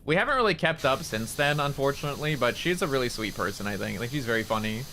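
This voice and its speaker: A man's voice: medium pitch, expressive, fast talker, bright, forceful tone, slight background noise. A man streaming a game, chatting casually in a rambling, candid way and swearing freely. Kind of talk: casual chat while gaming.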